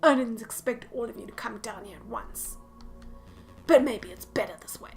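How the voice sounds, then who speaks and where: Rough gravelly grim guy, woman doing the voice, faint game music under it. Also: on the high side, normal speed, a little mellow, voice pushed down. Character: rough, battered man hiding below deck.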